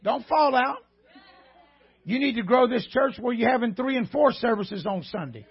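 Male guest preacher, very high husky voice, folksy jokes and shouted preaching, muffled church recording. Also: lively intonation, moderate pace, some chatter behind. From rural Southern United States. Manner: joking folksy banter rising to shouted preaching. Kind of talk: sermon. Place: church sanctuary before a congregation.

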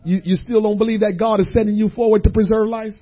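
High husky guy preaching, goes quiet then loud, muffled lo-fi recording. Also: level tone, fast. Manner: swings between hushed and shouting, repeats phrases. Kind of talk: sermon.

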